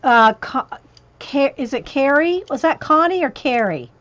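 High-pitched and animated, a craft vlogger talks a little slowly as she reads a list of channels on a home livestream, her tone a bit bright with the highs cut off. She's casual and rambling, turns aside to chat with her cat, and sounds increasingly worn in her ring-lit craft room.

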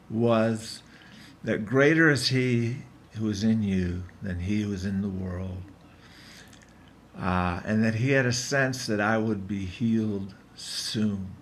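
A man's voice: lowish voice, slight background noise. Earnest rambling man in his fifties. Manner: rambling, earnest, self-interrupting. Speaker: vlogger. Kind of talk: casual video diary. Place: his apartment, indoors.

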